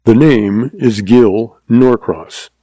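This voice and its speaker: A big rustler-hunting cowboy talks in a terse, gritted drawl, as a man reads him. The voice is gravelly and dark. It sits close and dry in a storybook reading. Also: mid-range voice, expressive, normal speed, no room sound, rough recording. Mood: hard, tense. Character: big, tough male cowboy rustler hunter.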